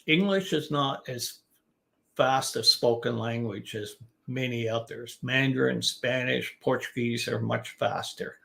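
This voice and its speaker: A man teaching business English in a relaxed live-stream lesson, giving advice in a conversational way. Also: mid-range voice, creaky.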